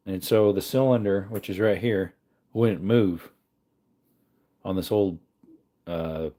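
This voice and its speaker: A man's voice: on the low side, mellow. A man casually chatting on a livestream, reading comments aloud while tinkering with parts. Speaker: livestream host.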